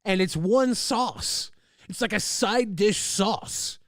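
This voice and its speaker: A male streamer talking casually over a trailer, excitable and profane, laughing at his own jokes. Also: sits high, slow, no echo, studio quality. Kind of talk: casual livestream commentary.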